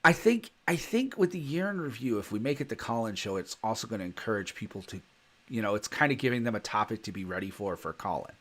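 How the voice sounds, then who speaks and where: Lively-voiced man telling rambling stories. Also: fairly low pitch, fast talker. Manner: rambling storyteller, laughs often. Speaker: podcast co-host. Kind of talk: casual chat.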